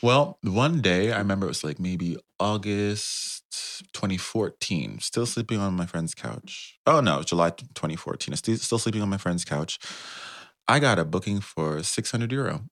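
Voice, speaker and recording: A man, a guest on an interview show, telling an animated story about founding his tour company and laughing often. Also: low voice, moderate pace, no echo, studio quality. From United States.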